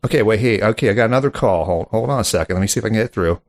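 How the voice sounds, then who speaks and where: A man's voice: on the low side, racing. Flustered, stammering male podcast host. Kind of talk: mock call-in radio show.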